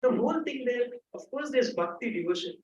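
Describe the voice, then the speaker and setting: A man's voice: extremely high pitch, lively intonation, brisk, highs cut off. Young indian guy giving a talk, earnest and emphatic, echoey hall, faint room noise. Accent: Indian English, Kannada-speaking. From Dakshina Kannada, India. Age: 20s. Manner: earnest, emphatic, frequent restarts and fillers. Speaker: guest speaker. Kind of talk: public talk. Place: lecture hall. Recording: roomy hall, mic at a distance, faint ambience.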